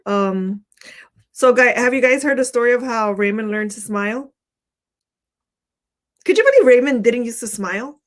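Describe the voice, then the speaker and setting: A chatty woman hosting a relaxed live chat, her voice sitting on the higher side. She laughs easily and talks to viewers in a loose, friendly way. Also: normal speed, long pauses. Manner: giggly, chatty, self-conscious. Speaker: host. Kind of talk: casual livestream talk.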